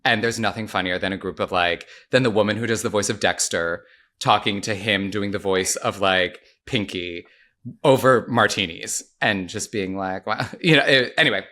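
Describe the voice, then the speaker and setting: Bright-voiced man telling chatty stories. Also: fairly low pitch, moderate pace. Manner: chatty, enthusiastic storyteller who digresses. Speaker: podcast panelist. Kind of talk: casual podcast chat.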